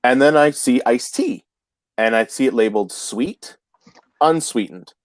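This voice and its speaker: A man's voice: mid-range voice, unhurried, no room sound. Guy spinning a story on a podcast, lots of restarts, dry sound. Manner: animated anecdote teller, chatty with many restarts. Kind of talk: casual storytelling chat.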